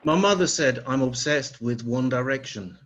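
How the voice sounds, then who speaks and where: Brief: Scottish male stand-up, crude deadpan one-liners, dull lo-fi video call sound. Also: mid-range voice, normal speed, a little hiss or hum. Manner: crude, swearing punchlines. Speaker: stand-up comedian.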